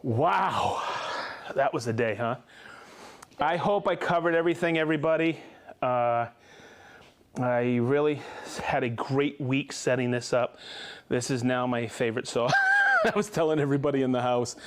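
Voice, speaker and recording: A man hosting a live tool show in casual chat, upbeat and laughing often as he reads out viewer shout-outs. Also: medium pitch, normal speed.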